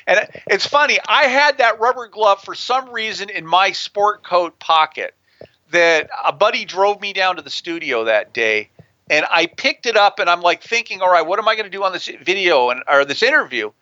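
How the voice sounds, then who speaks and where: A man's voice: sits high, animated, normal speed, bright, forceful tone, dry recording, lo-fi sound. A man in an interview telling stories in a brash way and swearing freely. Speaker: guest, prison consultant. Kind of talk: profane storytelling in an interview. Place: near a big city on the US West Coast.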